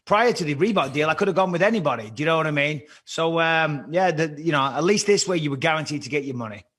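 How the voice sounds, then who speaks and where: On a laid-back podcast, a former fighter with a British Liverpool accent spins meandering, profanity-laced yarns. His voice is fairly high, expressive and fairly bright, and he talks quickly. He was born on a British army base in Cyprus and grew up in England.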